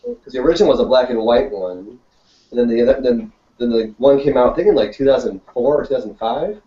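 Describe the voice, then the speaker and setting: A man co-hosting a casual chat, loose and halting, laughing often. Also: mid-range voice, lively intonation. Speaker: podcast co-host. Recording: roomy, distant, lo-fi with faint hiss.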